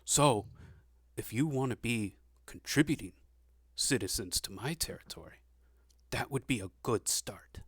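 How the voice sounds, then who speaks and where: A man's voice: mid-range voice, animated, measured pace, a bit bright, husky, no room sound, studio quality. A man voicing a shrewd, suspicious noblewoman who rules a region, speaking in a guarded, probing way. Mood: cunning. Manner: guarded, probing, veiled threat.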